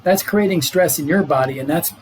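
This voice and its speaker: A man's voice: fairly high pitch, fairly quick, background noise. Earnest middle-aged man explaining health. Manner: explanatory, earnest, laughs easily. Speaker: doctor guest. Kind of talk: casual podcast health talk.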